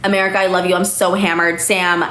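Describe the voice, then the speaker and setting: A woman's voice: fairly low pitch, little pitch movement, fast talker, fairly bright tone. A young woman hosting a casual live stream from home, chatty and a little tipsy, with lots of fillers and casual swearing. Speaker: livestream host. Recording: echoey room, faint noise.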